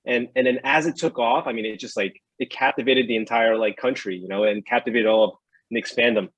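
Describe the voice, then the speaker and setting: Hesitant man, husky and dry. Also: medium pitch, a little fast, fairly bright tone, dry recording, highs cut off. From New York. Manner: hesitant, repeats words while searching for thoughts. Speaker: guest. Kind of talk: casual podcast chat.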